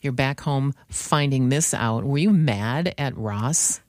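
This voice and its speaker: A middle-aged woman hosts a conversational interview, empathetic and chatty, leaning on fillers as she goes. Her voice sits low, and the recording is dry with no room sound. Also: slow, dry recording. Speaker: podcast host.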